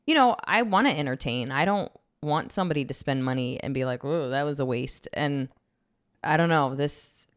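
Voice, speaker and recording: A woman from New Jersey, a comedian chatting casually as a podcast guest, telling stories in a loud, animated way. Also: sits low, normal speed.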